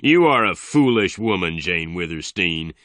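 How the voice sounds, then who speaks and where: Deep-voiced guy doing a mean angry rancher, slow and threatening. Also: animated, a bit bright, no echo, studio quality. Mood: menacing. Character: tall dark menacing male rancher, angry.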